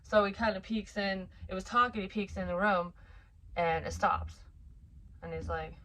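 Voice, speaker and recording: A woman's voice: mid-range voice, moderate pace, pushed and bright, slight background noise. A woman in her forties, a psychic medium, casually telling a personal story in a frank, profane, rambling way. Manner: chatty, rambling with asides.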